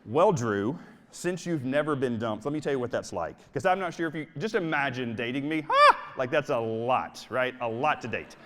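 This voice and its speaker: A man's voice: medium pitch, expressive, moderate pace. Guy doing a motivational talk on stage, playful and punchy, big echoey hall. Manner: casual, playful and emphatic. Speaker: motivational speaker.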